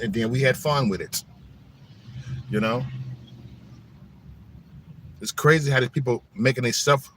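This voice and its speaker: A man's voice: mid-range voice, fairly bright tone, a little hiss or hum. A middle-aged man hosting his own channel, telling rambling school stories in a slangy, joking way. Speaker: channel host. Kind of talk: casual storytelling monologue.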